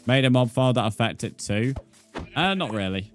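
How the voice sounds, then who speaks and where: A man's voice: mid-range voice, animated, brisk, soft background music. A British man chatting casually on a live game stream, easygoing, with lots of fillers as he reads out the chat. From United Kingdom.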